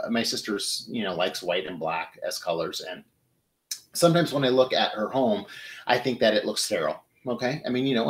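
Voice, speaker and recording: A man's voice: mid-range voice, poor audio. Chatty man arranging flowers live. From Michigan. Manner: chatty, animated, talks to viewers while arranging flowers. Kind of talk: casual live demonstration.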